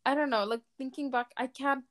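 A woman's voice: high voice, steady tone, brisk, a bit bright. A woman guest on a podcast, chatting casually and reacting with laughter. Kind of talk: casual chat.

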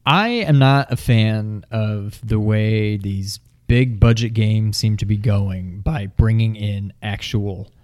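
A man's voice: lowish voice, slow pace, few pauses, a little mellow. Wry, hesitant man in casual chat. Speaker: podcast co-host.

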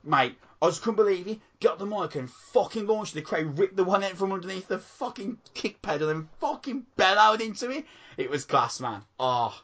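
A man co-hosting a podcast, chatting excitedly and swearing constantly. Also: sits high, moderate pace. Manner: excitable, swears a lot, calls people mate. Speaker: podcast co-host. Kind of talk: casual chat.

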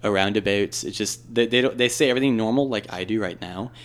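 A man with a Chicago accent chatting casually as a podcast co-host, telling animated stories and mimicking people. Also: lowish voice. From Chicago area. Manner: fast, animated storyteller who does voices. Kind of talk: casual chat.

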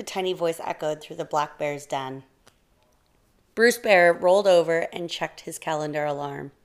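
A woman narrating a children's short story in a calm, steady storytelling manner. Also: deep voice, a little slow.

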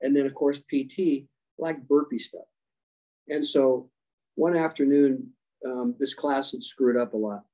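A former special operations rescuer turned leadership coach answers podcast interview questions with animated stories, acting out dialogue as he goes. His voice is mid-range and his pace measured, but the audio quality is poor.

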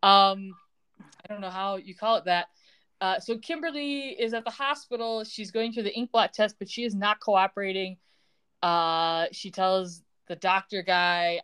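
A woman's voice: mid-range voice, steady tone, normal speed, a bit bright, clear, resonant tone. A young woman co-hosting a podcast, chatting casually and retelling scenes in a sarcastic, quoting way. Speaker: podcast co-host. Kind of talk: casual recap chat.

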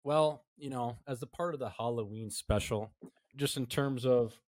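A man's voice: mid-range voice, moderate pace, darkish tone, no room sound. A man hosting a hockey podcast, joking and swearing in casual chat. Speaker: podcast host.

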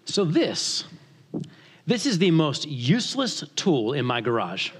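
A man from the northern United States preaching a sermon as pastor, telling a story with animated humor. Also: on the high side, slow, husky, soft background music.

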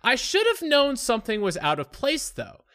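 A man co-hosting a podcast, telling a profane story in casual chat and acting out shouted quotes. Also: very high voice, huge pitch swings, moderate pace. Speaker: podcast co-host.

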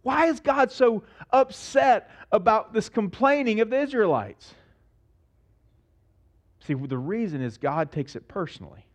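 A middle-aged man preaching a sermon as pastor, animated and acting out the voices in his stories. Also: a little high, muffled recording.

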